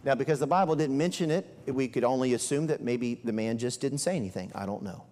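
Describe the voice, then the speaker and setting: A middle-aged man preaching a sermon as an evangelist, animated and acting out characters. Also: mid-range voice, fast. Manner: animated, acts out characters in asides. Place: church sanctuary. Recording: long hall reverb.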